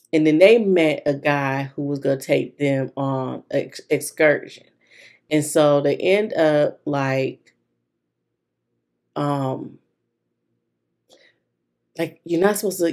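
A young woman vlogger chatting casually while decorating her planner, retelling a story to her viewers in a lively, talkative way. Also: sits low, vocal fry.

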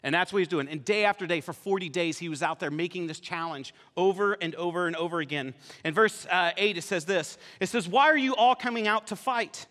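A male pastor delivers a sermon like a relaxed story, animated and conversational. His voice sits high and bright. The church hall adds a long reverb. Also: a little fast, few pauses. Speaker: campus pastor. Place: church sanctuary.

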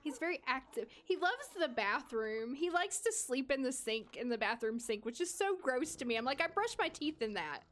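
A woman's voice: high voice, lively intonation, normal speed, few pauses, fairly bright tone. A young woman live-streaming a game, chatting casually to her viewers and her characters and laughing often. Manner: chatty and giggly, talks to chat and to her characters. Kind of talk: casual live-stream chat over gameplay.

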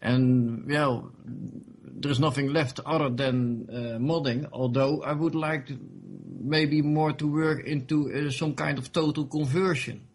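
A man's voice: mid-range voice, fairly even intonation, measured pace, husky. A man being interviewed about his game mod, talking casually with many fillers and restarts. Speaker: interview guest, game modder.

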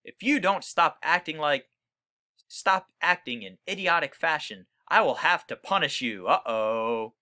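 A man's voice: on the high side, lively intonation, a little slow, sharp tone, pitched above the performer's own voice, full character voice. A man reading a children's book aloud, voicing a stern, exasperated father who growls and scolds.

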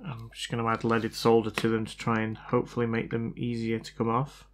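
A man's voice: mid-range voice, monotone, fairly quick, slight background noise. A man talking through a repair as he works, thinking aloud and often unsure of himself. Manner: hesitant, unsure, self-doubting. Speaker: hobbyist repair vlogger. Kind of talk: casual thinking-aloud commentary.

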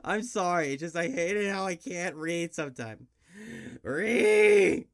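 A man's voice: a little high, normal speed, fairly bright tone. A man voice actor recording blooper outtakes, flustered and frustrated as he retakes his lines. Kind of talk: blooper outtakes, casual chat.

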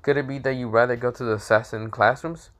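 A man's voice: medium pitch, steady tone, quick pace, lightly acted. A man voicing a pushy, curious teenage girl classmate who asks prying questions with indignant snaps.

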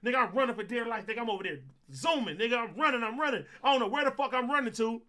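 A young man from Compton, a streamer host telling a story in an animated, profane way and acting out what people said. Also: very high-pitched, rapid-fire. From Compton, California. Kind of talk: casual storytelling on a livestream.

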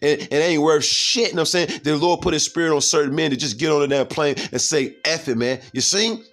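Male street-style preacher, higher voice, heated and crude, reads verses then riffs on them. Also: a little fast, a bit bright. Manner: profane, heated, keeps asking "you see?". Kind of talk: informal scripture preaching.

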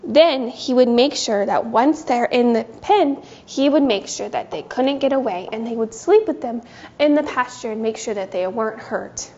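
Woman doing a kids bible lesson, high gentle sing-song voice, kinda muffled. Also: moderate pace, slight background noise. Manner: gentle, sing-song, speaking to small children. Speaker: children's teacher.

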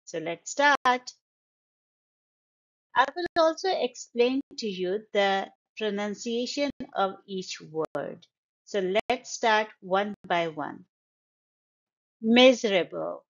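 A woman gives an English vocabulary lesson, sounding out words slowly and deliberately, syllable by syllable, with stress on each one. Her medium-pitched voice is animated, and the recording has its highs cut off.

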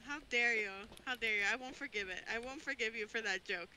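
A woman's voice: fairly high pitch, fairly quick, background noise. A woman streaming a ghost-hunting game, chatting casually, giggling often and greeting viewers. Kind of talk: casual gameplay chat.

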